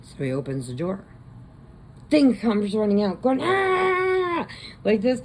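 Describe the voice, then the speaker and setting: A woman who hosts a crochet channel, casually retelling a horror movie in a rambling way and slipping into quick voices. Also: mid-range voice, very animated, dark tone, slight background noise, rough recording.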